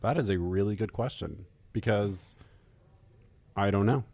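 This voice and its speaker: A man's voice: lowish voice, unhurried, a little mellow. A man podcast co-host telling candid, self-mocking stories in casual chat.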